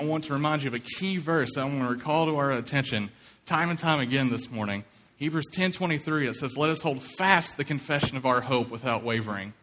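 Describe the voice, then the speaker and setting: A man's voice: mid-range voice, a bit bright. A man from Kentucky preaching a sermon, telling a story and acting out quoted voices. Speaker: pastor. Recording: long hall reverb.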